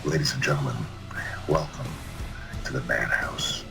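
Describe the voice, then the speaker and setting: A deep menacing wrestler growl. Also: male voice, steady tone, moderate pace, vocal fry, over loud music. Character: deep menacing male wrestler announcing the show.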